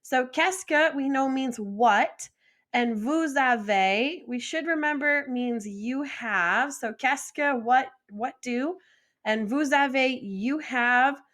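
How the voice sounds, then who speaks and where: Young woman french teacher, slow and patient, kinda high voice, cheers you on. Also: fairly bright tone. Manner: patient, encouraging, models pronunciation slowly. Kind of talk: slow, deliberate vocabulary lesson with repeat-after-me drills.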